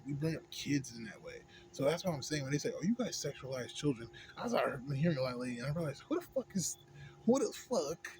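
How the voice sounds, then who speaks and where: Rambling, swearing young American man venting. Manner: rambling, heavy slang and swearing, frequent "you know what I'm saying"; swings between mumbling low and loud heated outbursts. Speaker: vlogger. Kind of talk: casual profane rant. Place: indoors at home, smoking a pipe. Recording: home recording with clear background noise.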